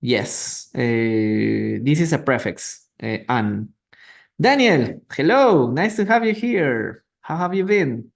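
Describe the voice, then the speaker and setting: A man's voice: mid-range voice, lively intonation, slow, gravelly. A man teaching English in a live online reading lesson, patiently repeating and translating words and asking students questions. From Peru. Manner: asks students questions and greets viewers. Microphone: phone or computer mic for a live stream.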